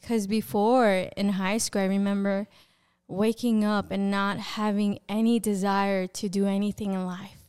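A young woman telling her faith testimony as a podcast guest, in a casual, animated way, acting out the voices she remembers and laughing often. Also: medium pitch, a little slow, smooth. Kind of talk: personal testimony in casual conversation.

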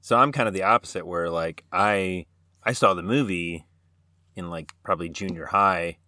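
A man's voice: low-pitched, normal speed, bright, forceful tone, no room sound, clean studio sound. A man co-hosting a podcast, chatting casually about films, laughing easily and restarting his sentences. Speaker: podcast co-host. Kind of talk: casual film discussion.

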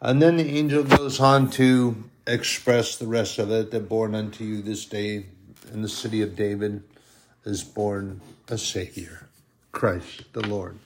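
A man preaching a sermon, impassioned and emotional, swelling loud on scripture verses and then dropping to a soft, hushed tone. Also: fairly low pitch, little pitch movement, a little slow, background noise. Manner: emotional, moved while reading.

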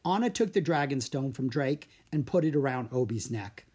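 Children's book narrator, expressive, animated pitch, breathy. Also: moderate pace. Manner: expressive storytelling. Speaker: audiobook narrator.

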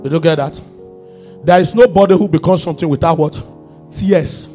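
A man preaching a sermon as pastor, swinging between shouted climaxes and hushed low passages. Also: moderate pace, faint music behind.

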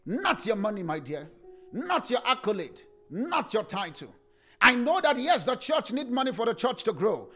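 A man preaching a sermon with passion, swinging into sing-song cadences and rising to shouts. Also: extremely high pitch, big pitch swings, moderate pace, faint music behind.

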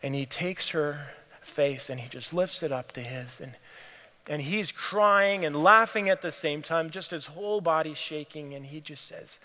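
Earnest preacher in a reverberant hall. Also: male voice, fairly high pitch, unhurried. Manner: earnest storytelling, often dropping to a hushed near-whisper. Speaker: pastor. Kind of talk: sermon.

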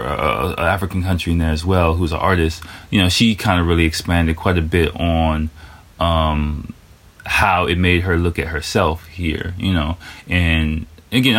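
A man's voice: low-pitched, fairly bright tone. A man talking casually on his podcast, loose and profane, full of "like" and "you know". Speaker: podcast host.

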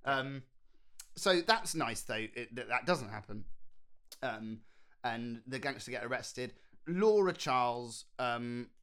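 A man co-hosting a casual film discussion, animated and jokey, acting out lines from the movie. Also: medium pitch, takes it slowly, clean tone. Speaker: podcast co-host.

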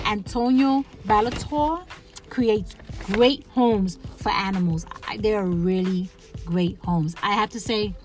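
A woman hosting a casual solo podcast, chatting in a rambling way with lots of fillers, restarts and laughs. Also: medium pitch. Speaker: podcast host.

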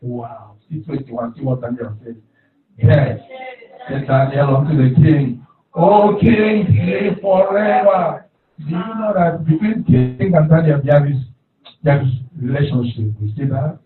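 In a church hall, a pastor with a medium-pitched voice delivers an unhurried sermon. He repeats phrases and calls on the congregation to respond, captured in a distant, echoey, phone-like recording.

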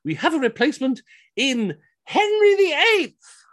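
A man's voice: very high voice, very animated, unhurried, no echo, clean studio sound, voice pushed up, heavily acted. A man putting on the voice of a fussy older woman organiser making formal announcements. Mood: shrill announcing.

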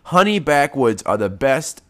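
A man rambles through a casual podcast from home, swearing freely in a laid-back way. His voice is a little congested from post-nasal drip. His pitch sits in an ordinary middle range. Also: very animated, unhurried. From United States. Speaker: podcast host. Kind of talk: casual solo podcast chat.

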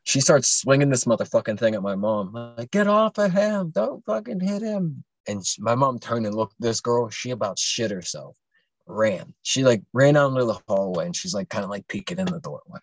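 A man's voice: on the low side, lively intonation, brisk, no echo. A young adult man casually telling a long personal story on a podcast, rambling and profane, with many fillers and restarts.

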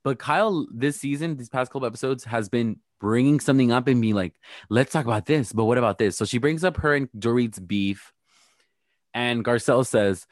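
A man in a casual podcast chat, gossipy and blunt, throwing playful shade as he recaps. His voice sits at an ordinary middle pitch, recorded close and dry with no room sound. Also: fairly quick, dry recording. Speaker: podcast co-host recapping reality TV.

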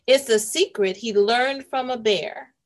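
A woman hosting a read-aloud for children, reading a picture book and asking the young listeners questions. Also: on the high side. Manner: slow, warm, questioning the listeners.

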